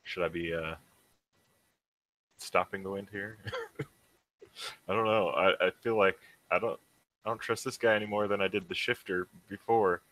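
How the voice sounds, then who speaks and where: Hesitant deep-voiced man playing a tabletop game. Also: steady tone, measured pace, long pauses, fairly bright tone, low-quality recording. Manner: hesitant, thinking aloud with many ums. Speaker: player.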